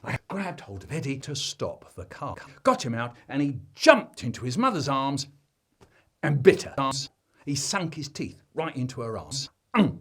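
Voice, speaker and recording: A storyteller with a husky, unhurried voice spins a comic family tale that has been chopped into a remix. His telling is broad and theatrical, leaping wildly in pitch and jumping suddenly between hushed asides and loud exclamations.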